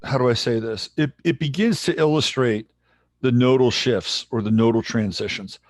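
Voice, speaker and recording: A man hosting a livestream in casual chat, relaxed and rambling as he greets viewers. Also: mid-range voice, normal speed, dry recording. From San Jose, California, USA. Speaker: livestream host.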